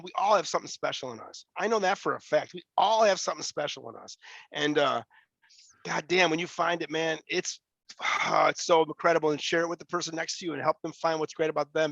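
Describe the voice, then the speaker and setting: A man's voice: fairly high pitch, vocal fry, a bit bright, no room sound, highs cut off. A man giving blunt, profane motivational talk as an interview guest, often repeating words as he starts a thought.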